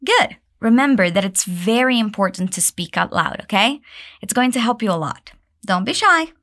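A woman teaching an English pronunciation lesson, drilling phrases for learners to repeat and praising them warmly. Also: lively intonation, moderate pace. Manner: encouraging, drills repetition, pitch leaps on praise.

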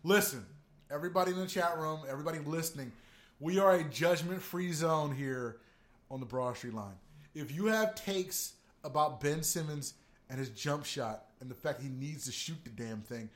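A brash man hosting a casual sports podcast, his voice sitting a little high. He talks straight to the listeners and hammers his points home emphatically. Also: moderate pace, fairly bright tone. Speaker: podcast host.

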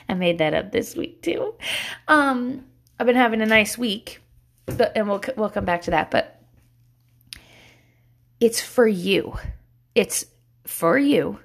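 A woman's voice: mid-range voice, creaky. A woman in her thirties, a mother of young kids, talking candidly and bluntly, swearing freely and laughing often. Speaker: mother sharing parenting reflections. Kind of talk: casual candid monologue.

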